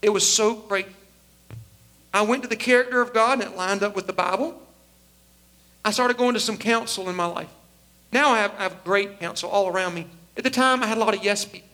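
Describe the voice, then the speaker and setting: A pastor in his forties preaches with a high, bright voice. He tells a personal story and lively acts out the voices of the people in it. His voice stays high and bright throughout. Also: brisk, long pauses. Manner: animated storyteller acting out quoted voices. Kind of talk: sermon storytelling.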